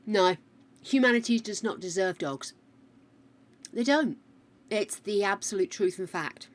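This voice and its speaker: A woman's voice: mid-range voice, measured pace. A British woman streaming a game, rambling chattily through a story and answering her chat. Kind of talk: casual chat while gaming.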